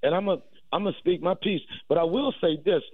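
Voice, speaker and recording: A man's voice: sits high, fast talker, no room sound. A man, a comedian guest, riffing and boasting playfully in a joking radio interview over the phone. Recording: tinny phone line.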